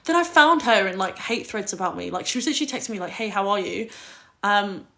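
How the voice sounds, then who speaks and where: A woman's voice: mid-range voice, lively intonation, fast, pushed and bright. A young woman from Kent, telling stories in a casual livestream chat, full of fillers and swearing. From Kent, England. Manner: chatty storytelling, lots of "like", swearing.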